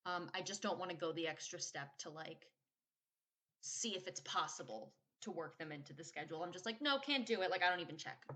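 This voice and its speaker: A young woman talks straight to camera in a casual confessional chat. She is frank and animated, drops curse words freely, and acts out the things other people said to her. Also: sits low, brisk, slight background noise. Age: 20s. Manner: candid, animated, swears freely, acts out quotes. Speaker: vlogger; patient navigator.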